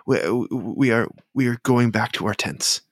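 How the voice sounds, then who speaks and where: A man's voice: medium pitch, a little slow, dry recording, studio quality, pitched above the performer's own voice, natural voice. A man voicing a prince in a tabletop game, addressing a crowd in a formal, proclaiming way. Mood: stiff proclaiming.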